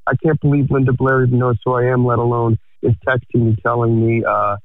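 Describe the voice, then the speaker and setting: A man talks over a tinny, phone-like line with a dry, close sound. He rambles excitably and stumbles over repeated words. His pitch sits in a middling range. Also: a little fast, no room sound. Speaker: guest musician. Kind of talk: casual phone interview.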